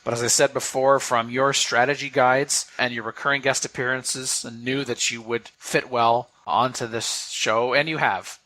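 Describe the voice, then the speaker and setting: A man's voice: mid-range voice, level tone, moderate pace, hardly any pauses, bright, forceful tone, dry recording. A man hosting a podcast, paying earnest, rambling tribute to his co-hosts with playful teasing. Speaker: podcast host. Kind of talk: casual chat, heartfelt farewell tribute.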